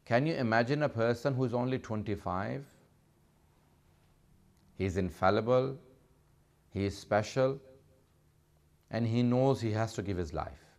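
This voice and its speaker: A man's voice: mid-range voice, unhurried, pauses often. A man preaching a sermon, telling a sad story with growing emotion. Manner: impassioned, rising in grief.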